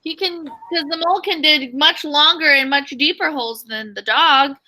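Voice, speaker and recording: A woman with a high, very bright voice teaches a reading lesson over a video call. She reads a picture book aloud in an animated way and asks her class questions. The sound is that of a video call. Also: moderate pace.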